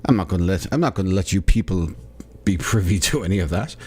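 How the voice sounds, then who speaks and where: A man's voice: sits low, expressive, fast talker, a little mellow, breathy edge. A tired man hosting a solo comedy podcast, riffing sarcastically on a news article and laughing at his own jokes. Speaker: podcast host.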